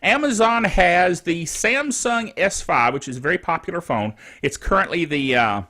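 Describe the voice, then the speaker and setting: High, lively chatty man. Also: moderate pace. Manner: chatty, rambling, chuckling asides. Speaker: tech news host. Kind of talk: casual tech news chat.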